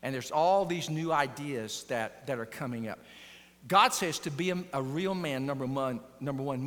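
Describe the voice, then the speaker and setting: A man's voice: on the high side, a bit bright. A male pastor giving an earnest sermon, telling stories and restating his points with emphasis, in a large church hall. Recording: long reverb of a large hall.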